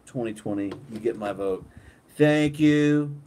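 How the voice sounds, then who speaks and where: A man hosting a casual live stream, relaxed, reading viewer comments aloud and laughing often. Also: mid-range voice, a little slow, low-quality recording. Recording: clear background noise.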